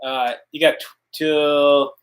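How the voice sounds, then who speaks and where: A man co-hosting a casual podcast, dropping crude deadpan quips. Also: a little high, takes it slowly, rough recording. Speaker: podcast co-host. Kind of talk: casual banter.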